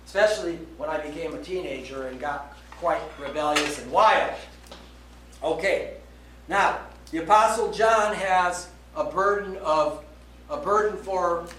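A man preaching a sermon, emphatic, slowing down to stress key words and checking in with "okay?". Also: high voice, a bit bright, a little hiss or hum. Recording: roomy echo, voice from a distance, faint background ambience.

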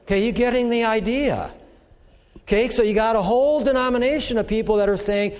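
A middle-aged man delivers a sermon in a loose, conversational style, slipping into quoted voices as he goes. His voice sits high for a man. The sound carries a long reverb, as though recorded in a large hall. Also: normal speed, darkish tone. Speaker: pastor.

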